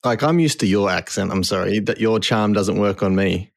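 A man's voice: on the low side, moderate pace, creaky, no room sound. Australian man, casual co-host, rambly and laughing, dry close mic. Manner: rambling, laughing, heavy use of "like". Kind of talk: casual chat.

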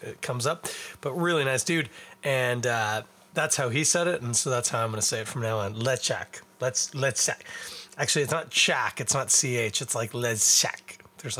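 Hosting a solo podcast, a young Canadian man talks at a middling pitch with a bright, forward tone. His casual chat rambles loosely, and he pokes fun at himself while eating and drinking along the way.

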